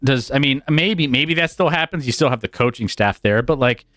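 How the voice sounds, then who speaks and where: A man's voice: mid-range voice, normal speed, a bit bright, dry recording, studio quality. A man co-hosting a sports talk show, thinking aloud in a tentative, meandering way. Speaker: sports podcast co-host. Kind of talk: casual sports debate.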